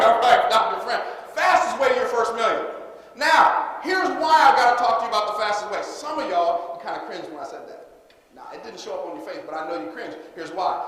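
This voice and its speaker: High-voiced man rallying a crowd, echoey hall. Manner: energetic, rallies the audience to repeat lines. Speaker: seminar speaker. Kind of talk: motivational seminar talk with call-and-response. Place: large conference hall. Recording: echoey hall, faint room noise.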